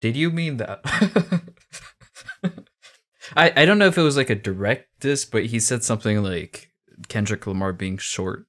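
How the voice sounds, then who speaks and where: A man's voice: mid-range voice, expressive, unhurried, fairly bright tone. A man giving casual reaction commentary on a rap song, chatting and breaking down the rhymes and wordplay. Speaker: music reaction streamer.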